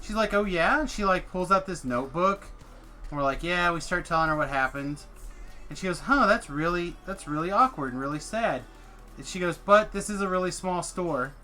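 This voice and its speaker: A man's voice: high-pitched, moderate pace, sharp tone, faint music behind. A man streaming a game, telling a story in casual chat, swearing freely and acting out the people he quotes. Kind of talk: casual storytelling while gaming.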